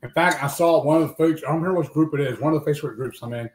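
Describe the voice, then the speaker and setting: Male live stream host who chats quickly and haltingly, recorded with a roomy echo. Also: a little high. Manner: halting, many um and uh fillers. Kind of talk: casual chat. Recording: roomy echo, faint noise.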